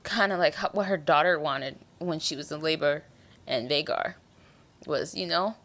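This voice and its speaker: A woman's voice: low-pitched, moderate pace, fairly bright tone. A young woman hosting a podcast, recapping a TV episode in casual, slangy and emotional chat. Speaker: podcast host.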